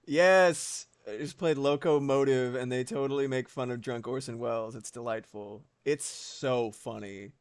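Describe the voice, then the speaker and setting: A man's voice: mid-range voice, moderate pace, hardly any pauses, clear, resonant tone, no room sound, clean studio sound. A young man chatting casually on a livestream while he draws, rambling and swearing with lots of fillers. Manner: animated, profane, rambling with many fillers. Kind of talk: casual chat while drawing.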